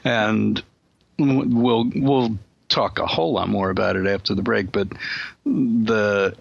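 A man hosting a radio interview, talking in a relaxed, chatty way with many fillers and restarts. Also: lowish voice, slow, gravelly, lo-fi sound. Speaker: radio show host.

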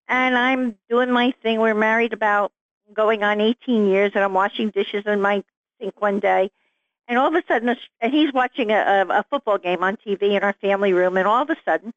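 Animated storytelling woman, dull dry sound. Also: on the high side, no room sound. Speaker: author guest. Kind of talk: storytelling interview.

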